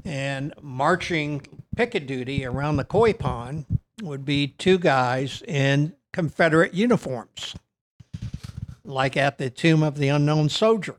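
An older man with a Virginian accent, a trial lawyer guest telling long stories on a podcast, pausing often with fillers. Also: fairly high pitch. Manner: rambling anecdotes with many pauses and fillers. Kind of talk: storytelling on a podcast.

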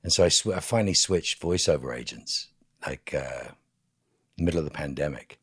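Very deep husky-voiced man telling stories. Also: moderate pace, no room sound, clean studio sound. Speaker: podcast guest, actor. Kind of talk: casual interview chat.

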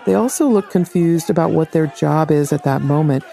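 Gravelly-voiced man explaining the news. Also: fairly high pitch, normal speed, mellow, some chatter behind. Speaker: reporter. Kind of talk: news analysis.

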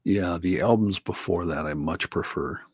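A man's voice: deep voice, normal speed, breathy edge. A man chatting casually on a radio show in an easygoing way. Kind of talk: casual studio banter.

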